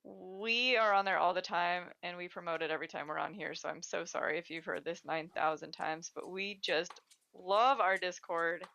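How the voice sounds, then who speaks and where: Bright, chatty woman on a livestream. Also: fairly low pitch, steady tone, normal speed, gravelly. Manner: chatty, rambling, laughs often. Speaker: co-host. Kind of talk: casual livestream chat.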